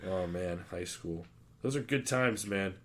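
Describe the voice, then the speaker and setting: Low-voiced man telling profane stories. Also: measured pace, a bit bright, a little hiss or hum. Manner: rambling, profane storytelling. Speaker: podcast host. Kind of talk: casual chat. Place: podcast studio.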